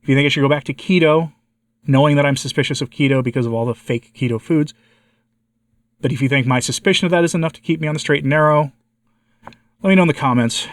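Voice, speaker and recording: An American man with a congested and slightly hoarse voice, giving a candid personal update to his viewers and asking them for advice. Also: on the high side, fast talker, long pauses, no echo, studio quality. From United States. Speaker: vlogger, channel host.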